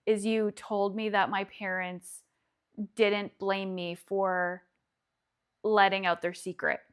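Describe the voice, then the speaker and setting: A woman telling a story in a casual chat, acting out what others said with lively quoted lines. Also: mid-range voice, slow, smooth. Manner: animated storytelling, acts out quoted voices loudly; swears casually. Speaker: podcast guest.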